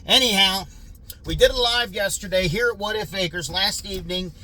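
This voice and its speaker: A man's voice: high voice, normal speed, pushed and bright. A middle-aged man vlogging from his farm outdoors on a handheld phone, talking earnestly and defensively to his viewers with plenty of fillers. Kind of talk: casual vlog talk to viewers.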